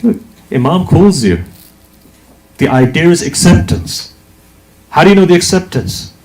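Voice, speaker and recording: A man's voice: a little high, sing-song, unhurried, darkish tone. A man preaching a religious sermon, speaking emphatically and asking rhetorical questions. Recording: echoey hall.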